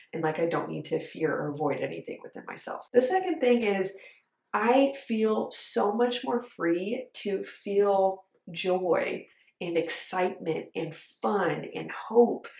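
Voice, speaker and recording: A woman's voice: fairly low pitch, measured pace, vocal fry, a little mellow. Woman, coaching vlog, earnest, emphatic, conversational, echoey room. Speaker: dance mindset coach. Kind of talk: direct-to-camera coaching talk.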